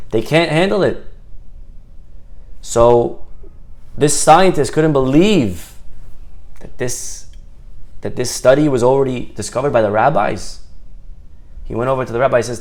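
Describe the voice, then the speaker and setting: A man's voice: medium pitch, a little slow, long pauses, darkish tone. A man telling a story in a Torah talk, acting out the characters and stretching words for emphasis.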